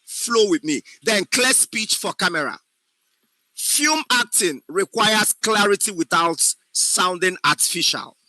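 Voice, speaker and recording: A man lectures an acting class in an emphatic voice and keeps checking whether his students follow. His tone is bright and forceful, pitched a little high, and it sounds close and dry. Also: animated, a little slow, no room sound, poor audio. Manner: emphatic, often checks understanding. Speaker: acting instructor.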